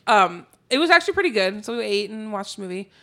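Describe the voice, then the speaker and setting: A woman's voice: medium pitch, very animated, fast, fairly bright tone. A woman co-hosting a podcast, telling a story in casual chat, swearing freely, laughing often and poking fun at herself. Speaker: podcast co-host.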